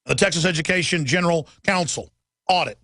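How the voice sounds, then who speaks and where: Male talk host, high and gravelly, urgent rant, close dry studio mic. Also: sharp tone, no echo. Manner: urgent, emphatic ranting with rapid-fire lists. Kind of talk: political rant monologue.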